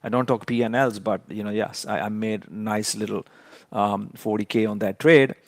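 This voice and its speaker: A man's voice: lowish voice, steady tone, normal speed, no room sound. A man giving a trading lesson in an emphatic, lecturing way, often repeating key points for stress. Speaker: trading educator.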